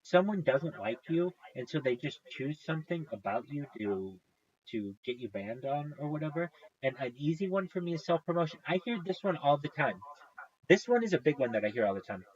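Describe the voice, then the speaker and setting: His voice runs high with big pitch swings, a little fast and a little mellow, captured in a muffled recording. As a live streamer chatting casually with viewers, he rants, swears often, and gets heated.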